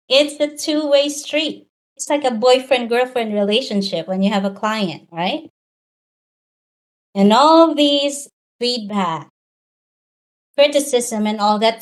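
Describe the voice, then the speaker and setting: A woman giving a motivational talk as a coach for virtual professionals, talking in a direct, earnest way with many rhetorical questions. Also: high-pitched.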